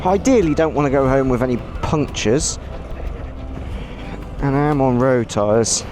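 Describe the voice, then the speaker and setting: Unhurried man, lively exclaiming rider. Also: mid-range voice, a little hiss or hum. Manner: exclaiming, laughing at himself, swearing. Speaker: motorcycle vlogger. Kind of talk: casual ride commentary. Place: outdoors on a motorbike trail. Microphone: action camera with portable recorder.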